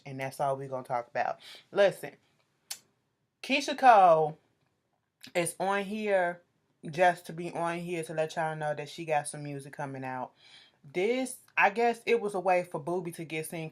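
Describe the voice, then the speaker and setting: A woman giving a sassy, profane recap of a reality show episode, acting out the cast's quarrels. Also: low voice. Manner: animated, sassy, swears freely, acts out quotes.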